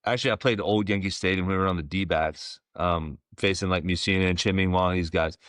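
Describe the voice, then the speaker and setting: A man in his forties, a former ballplayer, telling stories as a podcast guest in a relaxed, rambling way with plenty of fillers. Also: low-pitched, brisk, clean tone, dry recording, clean studio sound. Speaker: guest, former pro baseball player. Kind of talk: casual storytelling interview.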